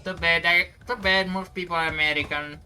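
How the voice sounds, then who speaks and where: A mid-pitched speedrunner talks casually while playing, rambling, stopping and restarting, poking fun at their own mistakes. Clear game music runs loudly behind the voice. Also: steady tone. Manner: rambling, self-deprecating, halting restarts.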